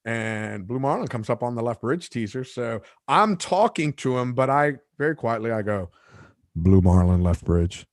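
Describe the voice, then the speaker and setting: A man hosting a casual podcast chat who tells his fishing stories with lively retellings and quoted lines. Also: medium pitch, normal speed, few pauses, no echo, clean studio sound. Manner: animated storyteller, acts out shouts and quotes. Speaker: podcast host and fishing captain.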